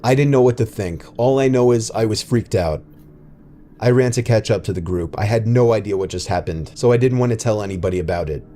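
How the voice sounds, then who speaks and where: Low, mellow male horror narrator. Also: slight background noise. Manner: steady, even storytelling delivery. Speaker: story narrator. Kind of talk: scripted horror story narration.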